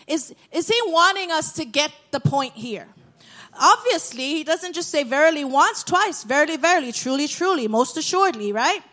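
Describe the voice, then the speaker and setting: A woman's voice: high voice, lively intonation, normal speed, fairly bright tone. A woman preaching a sermon, reading scripture aloud and calling on the congregation to repeat after her. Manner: call-and-response with congregation, reads scripture aloud.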